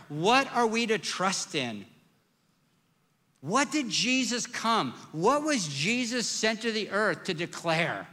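Male pastor, sermon, high voice, conversational and emphatic, long hall reverb. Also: bright, forceful tone. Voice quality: self-described squeaky voice. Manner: conversational, emphatic preaching with rhetorical questions.

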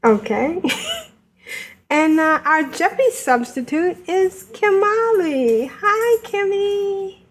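A woman hosting a casual podcast chat, chatty and quick to laugh. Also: high voice, expressive. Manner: giggly, chatty. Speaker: podcast host.

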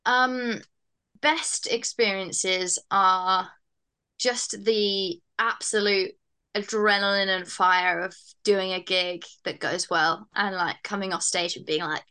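A woman's voice: mid-range voice, fairly even intonation, slow, bright, forceful tone, clean tone. A woman stand-up comedian chatting as a guest in a podcast interview, self-mocking and full of fillers and laughs.

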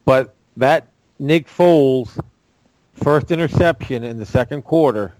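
Co-host, mid-pitched, repeats himself mid-thought, dry close sound. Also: male voice, darkish tone, no echo, poor audio. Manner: halting, repeats words while thinking. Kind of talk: casual sports talk.

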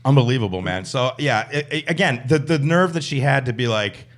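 Man in his 50s, quick-paced comic storyteller, animated. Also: mid-range voice. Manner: animated storyteller, acts out voices of people. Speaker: stand-up comedian guest. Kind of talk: casual podcast chat, telling stage stories.

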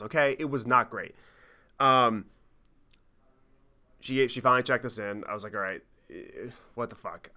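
Podcast guy telling a travel horror story, swears a lot, jokes about himself, bright punchy voice. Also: medium pitch. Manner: animated, profane, self-mocking storytelling. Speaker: podcast host. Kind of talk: casual storytelling monologue.

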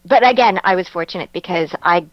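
A woman's voice: fairly low pitch, a little fast, no room sound, lo-fi sound. Laughing Canadian woman, dry close sound. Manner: laughs often, animated storytelling. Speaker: voice actress guest. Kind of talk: casual interview chat.

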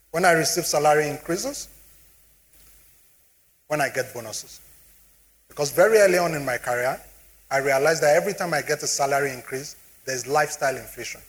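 A middle-aged man with a Nigerian accent giving a motivational finance talk, often asking the audience if they follow him. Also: a little high. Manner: animated, asks the audience questions often. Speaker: speaker on personal finance.

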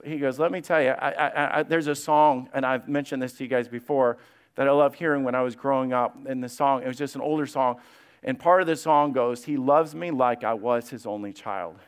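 A man's voice: medium pitch, smooth. A male pastor preaching a sermon to his congregation, quoting scripture and rising into passionate retellings.

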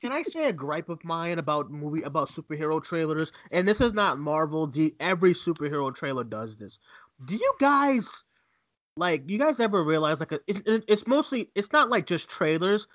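A man co-hosting a movie news chat, excitable and swearing freely, full of stammered restarts. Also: fairly high pitch, moderate pace, no room sound. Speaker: co-host of a movie news show.

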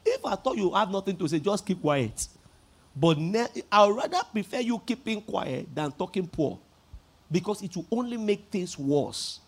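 A man with a Nigerian accent preaches as pastor in a high, sing-song voice with a breathy edge, keeping a moderate pace. His delivery is emphatic, he has the congregation repeat lines, and he rises to shouts.

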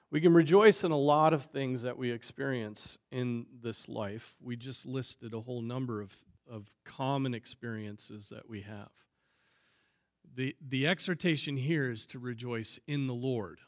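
A man explaining a Bible verse in an unhurried, deliberate way, pausing often with small fillers as he thinks. His voice sits in an ordinary middle pitch and sounds close and dry, with no room around it. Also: no room sound. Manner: slow, measured, thinking aloud with fillers. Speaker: Bible teacher. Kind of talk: teaching discussion on Scripture.

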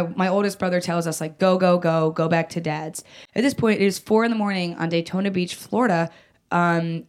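A woman telling a personal story in casual chat, rambling, full of "like" and "um", with frequent restarts and casual swearing. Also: fairly low pitch.

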